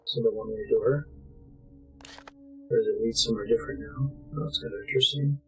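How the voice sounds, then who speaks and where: Man, young adult, live streamer, casual chatty commentary, swears at the game, mid pitch, faint music behind. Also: steady tone, brisk, low-quality recording. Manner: chatty, talks to chat while playing, swears at the game. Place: home streaming setup.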